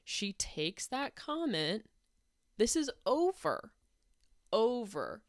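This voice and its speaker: A woman's voice: fairly high pitch, very animated, drawn-out words, no room sound, clean studio sound. A woman delivering a heated, sarcastic rant to camera, blunt and swearing often. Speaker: YouTube commentator.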